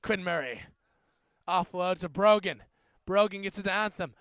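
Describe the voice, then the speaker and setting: A young man calling an amateur rugby game play-by-play, joking between plays and getting louder on big runs. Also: sits high, moderate pace, no echo, studio quality. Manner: jokey, rising to excited shouts on big plays. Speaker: student play-by-play commentator. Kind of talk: amateur sports commentary.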